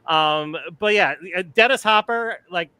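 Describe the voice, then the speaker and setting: A man in his fifties co-hosting a live movie chat, telling stories in an animated, profane way and often repeating words. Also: high-pitched, unhurried, smooth, no echo, rough recording. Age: 50s. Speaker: panel co-host of a live movie talk show. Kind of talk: casual chat, storytelling. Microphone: live online video call.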